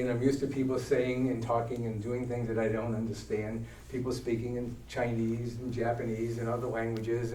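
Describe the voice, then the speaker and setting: A man's voice: medium pitch, roomy sound, far from the mic, slight background noise, poor audio. An older man from Brooklyn with a New York accent, giving a talk as a guest speaker and telling stories, acting out the other people's voices as he goes. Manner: animated, acts out the voices of people in his stories. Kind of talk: storytelling talk. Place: church hall.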